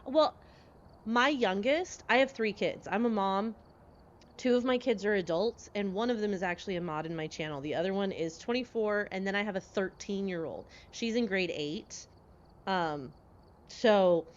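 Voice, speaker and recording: A woman in her forties chatting casually with her live-stream viewers, lively and quick to laugh as she answers chat. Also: on the low side, muffled recording.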